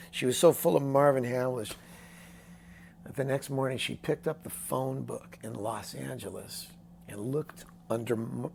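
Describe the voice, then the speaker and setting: Older male songwriter guest with a gravelly voice, animated storyteller who acts out the people he quotes. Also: mid-range voice, a little hiss or hum. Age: 60s. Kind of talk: casual storytelling interview.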